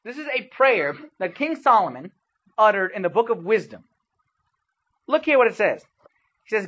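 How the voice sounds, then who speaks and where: Husky man preaching to youth. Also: sits high, sing-song, moderate pace, pauses often, fairly bright tone, lo-fi sound. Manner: conversational, quizzes the audience, keeps saying "okay?". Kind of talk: sermon to young people.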